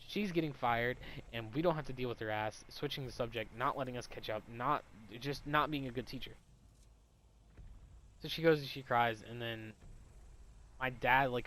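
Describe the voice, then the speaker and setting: Young guy ranting a storytime, swears a lot, rambles, mid-pitched. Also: moderate pace, a bit bright. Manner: rambling, profane, heated. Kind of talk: casual storytime monologue.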